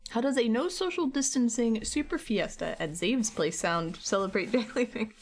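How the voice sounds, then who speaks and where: A woman's voice: on the high side, moderate pace. A woman art streamer chatting casually and teasingly with her viewers while painting, laughing often and fighting a slight cough.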